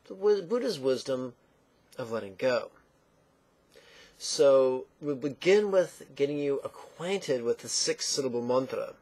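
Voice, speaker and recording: A man teaching a guided meditation lesson, speaking slowly and calmly with playful asides and long intoned chants. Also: mid-range voice, creaky, breathy edge.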